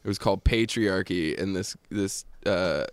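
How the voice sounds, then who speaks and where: A man's voice: sits low, moderate pace, clean tone, no room sound. Rambling, crude-joking man on a call. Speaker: podcast guest. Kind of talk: casual podcast chat.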